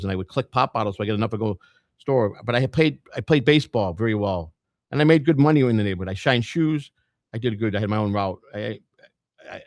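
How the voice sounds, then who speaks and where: A middle-aged man from Chicago speaks in a somewhat low voice, telling his own story in a casual monologue. He is blunt and plain-spoken and often repeats words as he goes. The sound is dry and close, with no room echo. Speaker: presidential candidate and podcaster.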